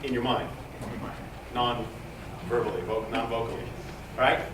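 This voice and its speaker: A man's voice: medium pitch, a little slow. A man directing a choir rehearsal, encouraging and repeating himself, singing short phrases to show how they should go. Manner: encouraging, repeats words, sings phrases to demonstrate. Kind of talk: choral rehearsal instruction. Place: large rehearsal hall. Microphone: distant recorder. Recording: echoey hall from far off, hissy.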